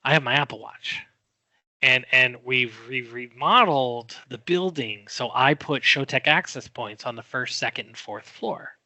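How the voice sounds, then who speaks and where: A middle-aged man telling a story in a podcast chat, animated and quick to act out what people said. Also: medium pitch, no room sound. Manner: animated storyteller, acts out quoted voices. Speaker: guest.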